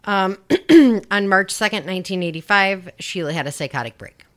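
Hosting a podcast, a woman recounts a true crime in a casual, chatty way, adding sarcastic asides full of swearing. She speaks in a mid-range voice at a moderate pace.

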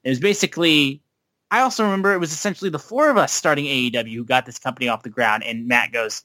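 A man co-hosting a wrestling podcast, recapping and ranting in a profane, animated casual chat. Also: medium pitch, quick pace, no echo. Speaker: podcast co-host.

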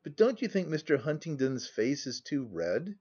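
A man reading an audiobook, voicing a timid, gentle young woman with a raised, pleading voice. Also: a little high, big pitch swings, moderate pace, lo-fi sound.

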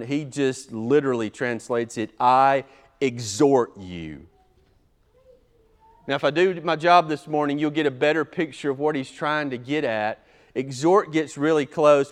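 A pastor preaching an expository sermon, methodical and emphatic, his loudness rising and falling sharply as he drives points home. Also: mid-range voice, clean tone.

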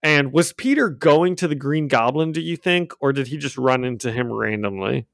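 A man's voice: medium pitch, expressive, normal speed, vocal fry, fairly bright tone, no room sound. A man co-hosting a casual comics podcast from home, chatty and laughing often as he acts out quotes. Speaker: podcast co-host recapping comics. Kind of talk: casual chat. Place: home room with a cat. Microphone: own desk microphone.

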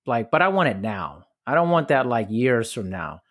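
A man's voice: mid-range voice, sing-song, moderate pace, fairly bright tone, dry recording. Reflective man hosting a podcast, dry sound. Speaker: podcast host. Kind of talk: casual podcast conversation.

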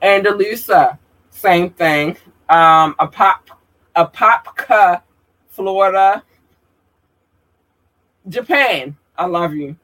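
A man reading out viewers' hometowns one by one, halting with fillers and apologizing for mispronouncing names. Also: high voice, sharp tone, poor audio. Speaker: streamer giving shout-outs.

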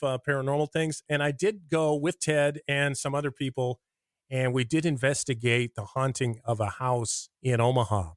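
A middle-aged man with an American Midwest accent, a radio personality telling rambling, animated stories in a conversational interview. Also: mid-range voice, no room sound, studio quality. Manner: rambling, animated anecdotes with acted-out quotes. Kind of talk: conversational storytelling.

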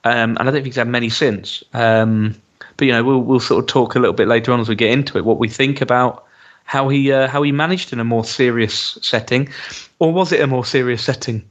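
A man talks through a TV episode in a loose, chatty way, filling pauses with ums and starting sentences over. His voice sits at an ordinary middle pitch. The podcast audio is a little dull and lo-fi. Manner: chatty, hesitant with frequent ums and restarts. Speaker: podcast co-host. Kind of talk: casual chat reviewing a TV episode.

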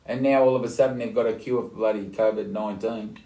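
A middle-aged Australian man co-hosting a casual podcast chat, blokey and easily excited. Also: lowish voice, quick pace, roomy sound. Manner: blokey, gets loud and excited greeting callers. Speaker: podcast co-host.

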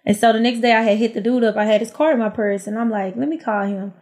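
Animated young woman with a drawl. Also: fairly high pitch, fast talker. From Houston, Texas. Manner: animated, acts out quotes, frequent "like" and "um". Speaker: podcast guest storyteller. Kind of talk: casual storytelling chat.

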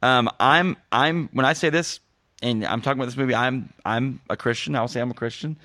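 A young man hosts a casual movie-review podcast, animated and jokey, laughing at his own lines. His voice is medium in pitch and a little fast, with studio-quality sound and no echo.

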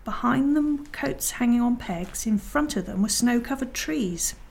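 Quiet woman reading a bedtime story. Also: a little high, lively intonation, a little slow, creaky.

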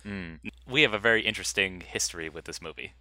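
A man co-hosting a film podcast, joking with dry, quick asides. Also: deep voice, pushed and bright, no room sound. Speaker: podcast co-host. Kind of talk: casual film chat.

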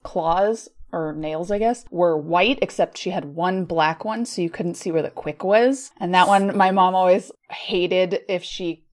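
Woman, podcast co-host, casual chat, easygoing, laughs often, lowish voice. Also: measured pace, few pauses.

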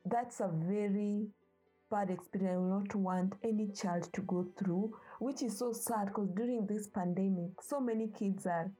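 Over soft background music on a low-quality recording, a young woman from Africa talks at normal speed in a steady, mellow, husky mid-range voice. She pleads passionately with parents, sharing her own views in an earnest personal talk.

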